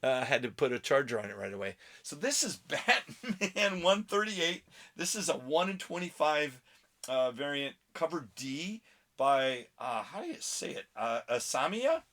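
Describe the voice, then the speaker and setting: A man's voice: fairly high pitch, big pitch swings, normal speed, a bit bright. A middle-aged man hosting a casual comic book vlog, rambling and easily sidetracked, laughing at himself and recording on his phone. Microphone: phone camera.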